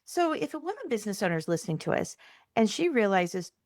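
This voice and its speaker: A woman's voice: mid-range voice, sing-song, fast talker, darkish tone, no room sound, clean studio sound. A woman podcast host interviewing a guest, asking questions and affirming her answers. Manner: affirming, frequent agreement. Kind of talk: interview hosting.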